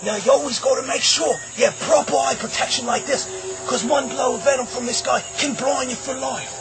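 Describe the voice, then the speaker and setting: An actor playing an excitable Australian male wildlife showman, shouting breathlessly in a comedy skit. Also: very high-pitched, fairly quick. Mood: excited. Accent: Australian (impression). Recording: loud music under the voice.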